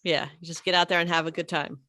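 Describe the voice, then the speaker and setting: A woman's voice: lowish voice, level tone, fast talker, pushed and bright. A woman co-hosting a casual podcast chat, asking friendly, encouraging questions. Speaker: podcast co-host.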